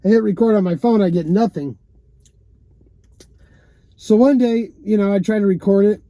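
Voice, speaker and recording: A vlogger with a high, mellow voice tells his own story at a moderate pace from his parked car, loose and meandering, full of "man," "you know," and offhand swearing. There's no room sound on the recording.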